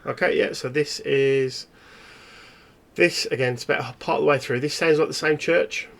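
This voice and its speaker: Gravelly-voiced man narrating a horror game. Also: a little high. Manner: halting, descriptive storytelling. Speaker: game master.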